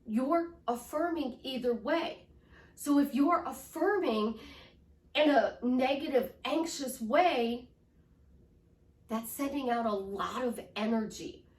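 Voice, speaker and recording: A woman's voice: high voice, takes it slowly, recorded from a distance. A woman life coach teaching with enthusiasm, swinging her voice up and down to show how tone changes. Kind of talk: motivational teaching. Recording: roomy echo, voice from off-mic.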